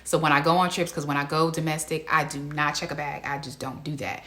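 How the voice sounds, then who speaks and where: A woman hosting a casual reality TV recap, talking to viewers in an animated, incredulous way and laughing often. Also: low-pitched, a little fast. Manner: laughs often mid-sentence. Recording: echoey room.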